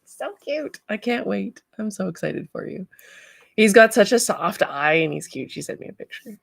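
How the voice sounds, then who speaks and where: A woman's voice: medium pitch, expressive, normal speed, creaky, breathy edge, no room sound, clean studio sound. A woman hosting a casual livestream, chatting, laughing and greeting viewers by name. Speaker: livestream host.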